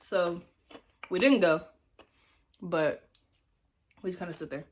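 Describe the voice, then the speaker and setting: A woman's voice: slow pace, slightly rough. Young woman doing a storytime vlog, super chatty and slangy, voice jumps way up for the dramatic bits. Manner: animated, chatty, dramatic pitch jumps when telling the story; slangy casual speech. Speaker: vlogger.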